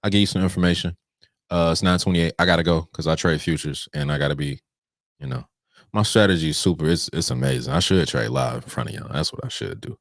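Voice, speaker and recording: Energetic man hosting a live trading show. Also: very deep voice, fast, no echo, studio quality. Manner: energetic, preachy and playful, addressing viewers directly. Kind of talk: live pre-market trading talk.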